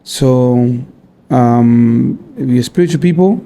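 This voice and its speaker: A man's voice: medium pitch, slow pace, dark tone. A middle-aged man, a comedian guest joking around in casual podcast banter. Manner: playful, teasing, runs a recurring joke.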